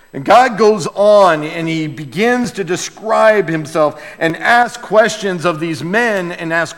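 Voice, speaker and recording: A male pastor preaching a sermon in a church, emphatic and dramatic, dropping to quiet asides and then rising to loud outbursts. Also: fairly high pitch. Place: church sanctuary with a sound booth. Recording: long reverb in a large hall.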